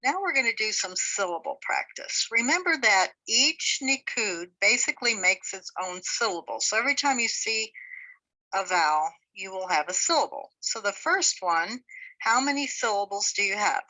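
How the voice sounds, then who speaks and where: A woman's voice: mid-range voice, animated, normal speed, sharp tone, low-quality recording. A woman teaching a beginners' language class, patiently sounding out words syllable by syllable. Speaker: Hebrew teacher. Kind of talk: slow spoken language lesson.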